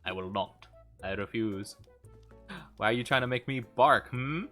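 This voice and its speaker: Faint music plays behind this young man as he streams a game and chats casually with his audience. His medium-pitched voice has a sharp tone and a measured pace, and he comes across as upbeat and talkative, greeting viewers and laughing frequently.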